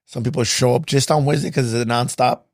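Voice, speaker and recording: A boxing coach talking fast on a podcast, his voice gravelly at the edges. He drops slang and curses freely. The sound is close and dry. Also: medium pitch, fairly even intonation, no echo. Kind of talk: casual chat.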